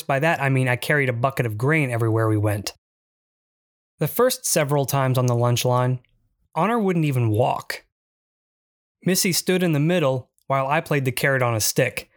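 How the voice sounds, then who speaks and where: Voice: mid-range voice, lively intonation, normal speed, no echo. A narrator reading a first-person memoir in a dry, wry storytelling manner.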